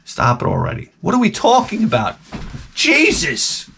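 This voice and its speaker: Animated, swearing male vlogger. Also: fairly high pitch, brisk, vocal fry, a little hiss or hum. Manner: profane, rambling, animated. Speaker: vlogger and father. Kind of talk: casual ranting monologue.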